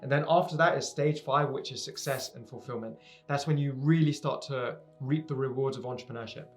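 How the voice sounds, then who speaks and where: A man's voice: medium pitch, brisk, soft background music. Earnest young man giving pep talk. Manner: earnest, emphatic, repeats phrases for stress. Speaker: entrepreneur giving advice to viewers. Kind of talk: direct-to-camera motivational talk.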